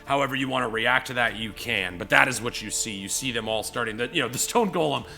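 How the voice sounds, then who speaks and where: Dude running a tabletop game, super bright tense voice, rambles and acts stuff out. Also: male voice, mid-range voice, quick pace, vocal fry, faint music behind. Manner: rambling, lots of "you know" and "like"; animated, acts out scenes. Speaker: game master.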